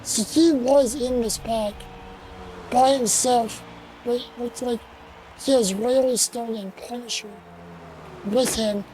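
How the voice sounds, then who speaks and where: A woman commentating an online sim race, slow and halting, with fillers and restarts, and she has the hiccups. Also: fairly high pitch, steady tone, warm tone, a little hiss or hum, low-quality recording.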